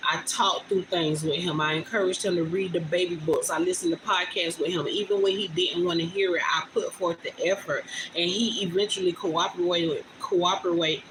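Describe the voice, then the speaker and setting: A woman's voice: lowish voice, fairly even intonation, moderate pace, hardly any pauses. A young woman, talking chattily and with feeling to viewers on a phone livestream from home. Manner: chatty, emotional, addresses viewers as y'all. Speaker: vlogger on a livestream. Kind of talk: casual heartfelt livestream talk. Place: home indoors. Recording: phone recording with clear background noise.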